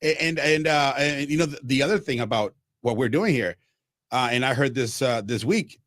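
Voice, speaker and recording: A man from Mexico, a baseball broadcaster telling stories as a radio guest, animated and acting out quotes. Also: medium pitch, moderate pace, no room sound, studio quality. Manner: animated, acts out quotes, frequent restarts. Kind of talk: radio interview storytelling.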